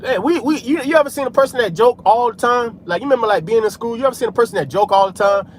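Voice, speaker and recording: A man's voice: extremely high pitch, fast, slight background noise. A man preaching in a casual street style, scattering "man" and "hey" through his talk while he drives. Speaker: religious vlogger.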